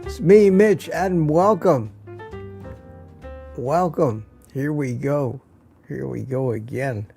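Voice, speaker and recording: A man's voice: mid-range voice, slow pace, creaky, pauses often, dark tone, soft background music. A man hosting a casual evening livestream, chatting and greeting viewers by name with small jokes. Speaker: livestream host.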